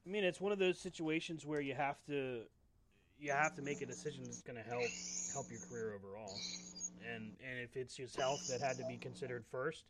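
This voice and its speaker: A man's voice: mid-range voice, brisk, noisy background. A man co-hosting a podcast, chatting casually, steering the topics and asking his partner questions. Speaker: podcast co-host. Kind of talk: casual wrestling chat.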